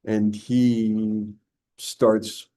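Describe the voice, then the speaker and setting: An older man speaks as a guest in a conversational interview, emphatic and prone to restarting his sentences. His voice sits low and sounds dark and mellow. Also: flat delivery, drawn-out words. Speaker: guest historian.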